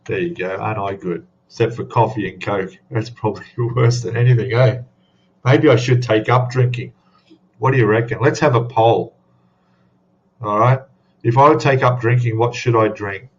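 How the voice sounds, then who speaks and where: A man's voice: on the low side, normal speed, lo-fi sound. Chatty man hosting a stream. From Australia. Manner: chatty, rambling, greets chat viewers by name. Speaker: livestream host. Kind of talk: casual live-stream chat.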